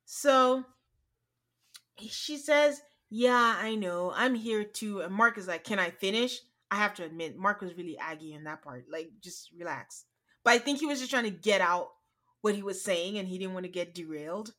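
Casual woman recapping a reality show. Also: medium pitch. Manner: retells scenes by quoting people in a flat, drawn-out voice. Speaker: podcast co-host.

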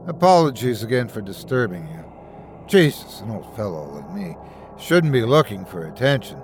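Man doing a booming, sheepish old man. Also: sing-song, moderate pace, a little mellow, a little hiss or hum. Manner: booming, apologetic.

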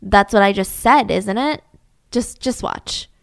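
A woman voicing a crude middle-aged con man and father, loud and boastful. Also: medium pitch, measured pace, creaky, no room sound, studio quality. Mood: blustering.

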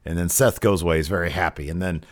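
A man's voice: low voice, quick pace, dry recording, clean studio sound. A man co-hosting a podcast, telling stories with energy and acting out the lines of the people he quotes. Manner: animated storytelling, mimics people he quotes. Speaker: podcast co-host. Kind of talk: casual recap chat.

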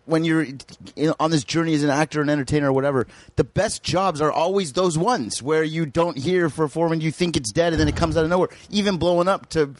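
A man, an actor and rapper, chatting casually on a podcast, musing slowly and chiming in. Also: a little high, no echo.

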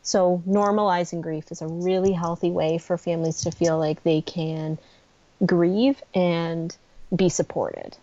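A middle-aged woman, a guest on a podcast, speaking earnestly and gently about grief support, with frequent pauses and ums. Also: lowish voice, fairly even intonation, no room sound, lo-fi sound. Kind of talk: podcast interview conversation.

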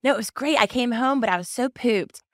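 A woman's voice: on the high side, fairly quick, no echo, clean studio sound. A woman hosting a podcast, upbeat as she chats with her guest. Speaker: podcast host. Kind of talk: casual interview chat.

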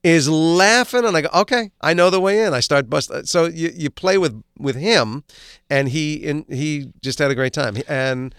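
A middle-aged man and actor, a guest, telling animated, self-deprecating show-business stories in a casual interview. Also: a little high, measured pace, clear, resonant tone, dry recording, studio quality.

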